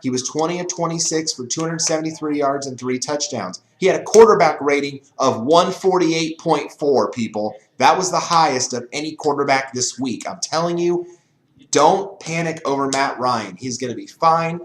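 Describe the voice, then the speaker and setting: A man's voice: on the high side, moderate pace. A man hosting a fantasy football show, talking through picks in a casual, emphatic monologue full of repeats and restarts. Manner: emphatic, repetitive, mock-panicky voice when quoting fans. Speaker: fantasy football podcast host. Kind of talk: casual sports analysis monologue. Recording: roomy echo.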